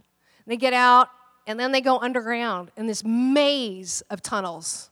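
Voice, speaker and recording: A woman's voice: on the high side, a little slow, fairly bright tone. Chatty woman pastor in a reverberant hall. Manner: casual, chatty storytelling with fillers. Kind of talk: storytelling sermon.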